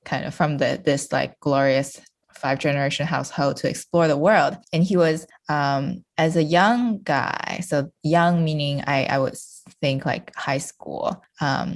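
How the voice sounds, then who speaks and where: A Chinese woman with a notably low voice is a guest on a podcast, chatting in a loose, casual way full of fillers and laughing often. Her intonation is fairly even and her pace a little slow.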